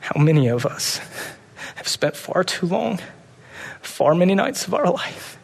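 Man preaching, higher voice, ringing hall echo, pleads loud then drops soft. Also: very animated, a little slow, creaky. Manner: passionate, swings from loud urgent pleading to soft hushed tones. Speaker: pastor. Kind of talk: sermon.

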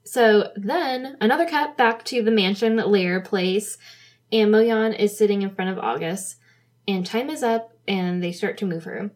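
A woman co-hosting a podcast, recapping a TV drama in a relaxed, casual chat with frequent fillers and easy laughter. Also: mid-range voice, unhurried. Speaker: podcast co-host.

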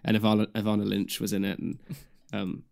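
A young man with a lowish voice, chatting as a podcast co-host. He rambles through fillers and restarts and delivers jokes dryly. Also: flat delivery, a little fast, vocal fry, darkish tone. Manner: rambling, many fillers and restarts, dry humor. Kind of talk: casual chat.

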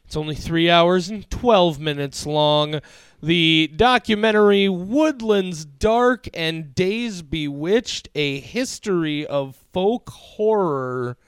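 Smooth-voiced man hosting a film podcast. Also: high-pitched, slow pace, dry recording. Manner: playful teasing, hesitant with fillers. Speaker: podcast co-host. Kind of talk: casual film podcast chat.

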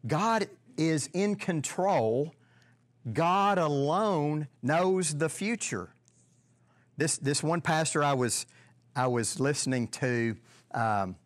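A man teaching a Bible lesson in a conversational way, often repeating words and putting questions to his listeners. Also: a little high. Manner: halting, repeats words, asks the audience questions.

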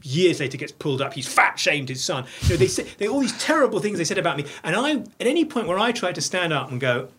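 A man's voice: high voice, sing-song, fast talker, few pauses, fairly bright tone, a little hiss or hum. A middle-aged man talking as an interview guest, blunt and profane, tumbling over restarts as he speaks. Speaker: podcast guest. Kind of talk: candid interview conversation.

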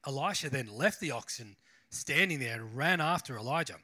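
A male pastor gives a loose, conversational sermon with a bright, forceful voice. He rambles a little and drops self-deprecating asides as he goes. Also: mid-range voice, lively intonation, a little fast. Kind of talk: casual sermon.

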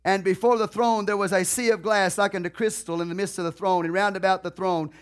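A man preaching a sermon, repeating key phrases in a drawn-out, deliberate way and putting questions to the congregation. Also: high-pitched, steady tone, clean tone.

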